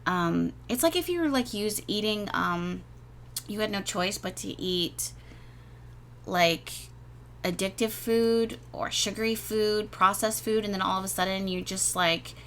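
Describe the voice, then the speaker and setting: A woman giving a casual tarot reading, rambling and gushing, repeating words and filling pauses as she goes. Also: medium pitch, a bit bright, slight background noise. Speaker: tarot reader.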